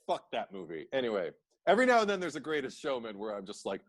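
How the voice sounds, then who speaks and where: A man co-hosting a podcast in casual chat, an animated storyteller who acts out quotes in high put-on voices, laughs often and swears. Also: brisk, dry recording. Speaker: podcast co-host.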